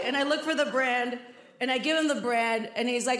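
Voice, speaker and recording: A woman comedian telling a story on stage, animated and acting out each line of dialogue. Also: sits high, brisk, slight background noise. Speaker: stand-up comedian. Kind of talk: stand-up storytelling. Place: comedy stage before a live audience. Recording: echoey venue with loud crowd. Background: loud audience laughter.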